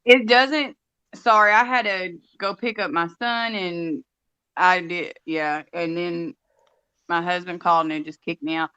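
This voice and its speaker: A woman's voice: on the low side, steady tone, a little slow, pushed and bright, clear, resonant tone, no echo. Rambling woman caller on dull audio. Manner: rambling, restarts often. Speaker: call-in guest. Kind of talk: casual chat.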